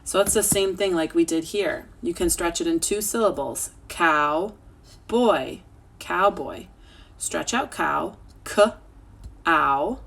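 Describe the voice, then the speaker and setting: A woman's voice: lowish voice, normal speed, gravelly. A woman teacher, patient and encouraging, sounding out and spelling words letter by letter for children over a video call. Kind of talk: slow, clear spelling lesson for children. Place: home, remote teaching.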